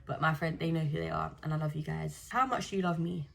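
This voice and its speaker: A young woman chats casually to camera. Her voice sits low, and she tells her stories in a loose, slangy way. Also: fast, creaky, hardly any pauses. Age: 20s. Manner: chatty storytelling with slang. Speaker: vlogger. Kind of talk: casual chat.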